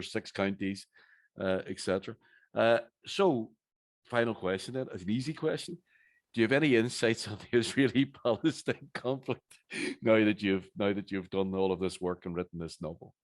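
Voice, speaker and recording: Man, Northern Irish accent, very low voice, dry close sound, chatty and halting interviewer. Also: dry recording. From Northern Ireland. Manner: chatty, halting, many restarts. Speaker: host, interviewer. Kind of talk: live event conversation.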